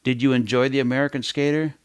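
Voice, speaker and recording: A man's voice: mid-range voice, fairly even intonation, quick pace, clear, resonant tone, dry recording, clean studio sound, close to an everyday voice. A man voicing a stiff, formal male journalist interviewing a teenager. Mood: mock-formal. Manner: formal, mock-polite questioning.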